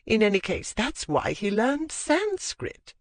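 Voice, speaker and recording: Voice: medium pitch, huge pitch swings, slow, dry recording, voice pushed up, full character voice. A narrator doing a gossipy old society lady. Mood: gossiping. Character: gossipy bawdy elderly aristocratic lady.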